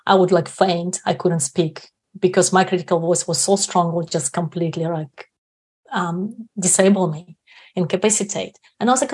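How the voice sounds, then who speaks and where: A woman's voice: fairly low pitch, steady tone, moderate pace, a little mellow, husky. A woman guest on an interview show, explaining ideas in a reflective way and checking in with tag questions. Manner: frequent tag questions like "right?". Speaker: guest speaker on inner confidence.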